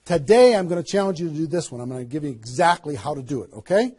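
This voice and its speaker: A man giving a motivational seminar talk as a network marketing trainer, energetic and emphatic, firing rhetorical questions at a live audience. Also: on the high side, fast, slightly rough.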